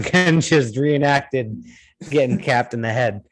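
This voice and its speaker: A man's voice: mid-range voice, slow pace. A man co-hosting a podcast, chatting casually and ranting with a lot of swearing and restarts. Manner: profane, ranting, rambling with restarts. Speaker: podcast co-host.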